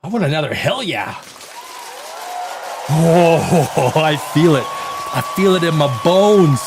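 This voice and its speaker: A man hosting a rowdy live stream, loud and rambling, swearing and reading chat comments aloud, a little tipsy from wine. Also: fairly high pitch, slow pace, gravelly, a crowd in the background, noisy background. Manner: animated, swings between shouting and muttering. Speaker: live show host.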